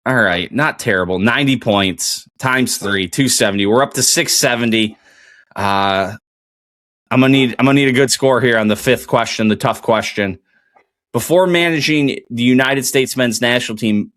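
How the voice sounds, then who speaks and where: A man talks casually on his own podcast, thinking out loud and muttering to himself as he goes. His voice sits at an everyday middle pitch, recorded close and dry with no room around it. He rambles freely, with plenty of "like" and "uh.". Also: no room sound. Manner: thinks aloud while playing a geography quiz, muttering guesses; excited, rambling TV recap with many fillers. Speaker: podcast host. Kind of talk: casual solo podcast talk.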